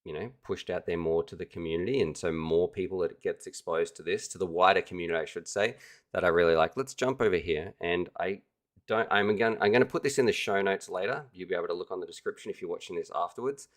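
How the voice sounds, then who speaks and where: A man's voice: deep voice, fast. A man hosting a casual livestream, chatty and enthusiastic, talking straight to his viewers. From Australia. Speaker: livestream host.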